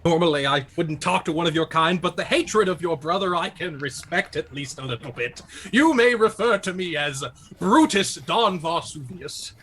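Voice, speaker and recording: A man's voice: on the high side, lively intonation, normal speed, fairly bright tone, slight background noise. A player voicing Brutus, a proud, haughty male jackalope king in a tabletop game, talking in a grand, dismissive way. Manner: grandly dismissive, squealing cries. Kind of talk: tabletop role-play.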